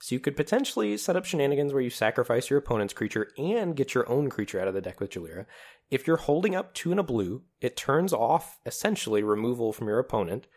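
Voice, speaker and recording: A male podcast co-host with a lively, swinging pitch who talks about his picks with eager enthusiasm. His voice sits in a middle register and he laughs easily. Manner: enthusiastic, animated, quick to laugh. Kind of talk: casual chat about card-game strategy.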